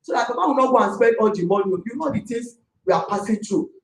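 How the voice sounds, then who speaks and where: A middle-aged woman with a Nigerian accent, a landlady complaining about a tenant in an emphatic, excitable way. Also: on the high side, fast. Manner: emphatic, excitable, talks forcefully. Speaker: landlady in a dispute. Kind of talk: heated complaint. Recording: echoey room.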